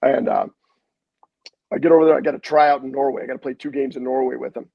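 A middle-aged man with a husky voice tells coaching stories in a casual interview. He is animated and acts out the quotes, with salty language. The sound is dry and close. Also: mid-range voice, fast talker, no echo, muffled recording. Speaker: head basketball coach, guest.

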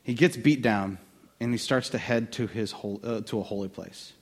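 A man preaching a sermon in a conversational, animated way, with quick asides to the listeners. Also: lowish voice. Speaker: pastor.

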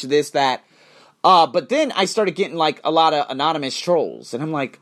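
Man, casual vlog rant, animated, blunt, profane, higher pitch, lively intonation. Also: a little fast. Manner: animated, blunt, swears freely. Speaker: YouTuber and podcast host. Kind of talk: casual ranting vlog monologue.

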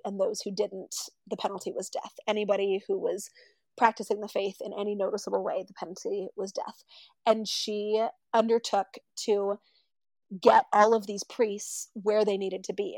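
A woman's voice: mid-range voice, no echo, rough recording. A woman telling a story casually, acting out the people she quotes. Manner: animated, acts out quoted voices.

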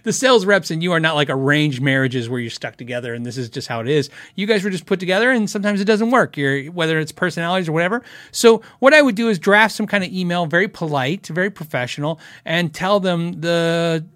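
A man's voice: fairly high pitch, animated, fast, few pauses, a bit bright, dry recording, clean studio sound. A middle-aged man hosting a casual live show, chatting and giggling as he rambles through stories and viewer questions. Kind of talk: casual live-stream chat.

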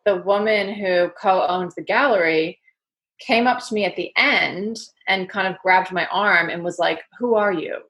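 A woman's voice: fairly low pitch, unhurried. Chatty New York woman telling stories. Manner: chatty, rambling, energetic. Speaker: guest. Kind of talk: casual interview storytelling.

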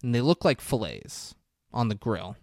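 Recapping a film scene by scene on his casual comedy podcast, a man slips into character voices and gets blunt and profane with his jokes. He speaks at medium pitch and moderate pace, recorded cleanly in a studio with no room sound.

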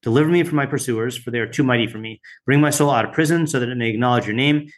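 A man's voice: medium pitch, racing. A man teaching a weekly Bible study class, reading translations aloud and stopping often with fillers and side remarks. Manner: reads translations, stops often with fillers and asides.

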